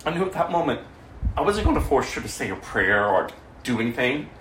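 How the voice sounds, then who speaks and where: A man preaching his testimony as a story, swinging between loud stretches and hushed ones. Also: mid-range voice, sing-song, a little fast. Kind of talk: sermon testimony. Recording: echoey room, mic far off, faint noise.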